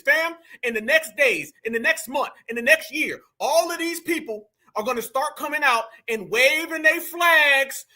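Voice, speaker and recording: A man with hosts heated reaction commentary. His voice sits very high and sounds sharp and bright. He mocks and challenges his target with slang and a string of rhetorical questions. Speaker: commentary host.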